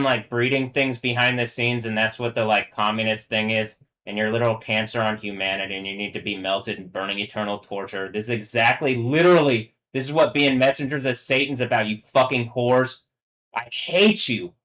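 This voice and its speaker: A man talking alone on a live stream in an angry, profane rant. His voice sits at an ordinary pitch for a man. He keeps stumbling and restarting, and he veers between quiet, low muttering and sudden, strained, high-pitched yelling. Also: low-quality recording. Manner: halting, filler-heavy, restarts often. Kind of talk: rambling solo live-stream monologue.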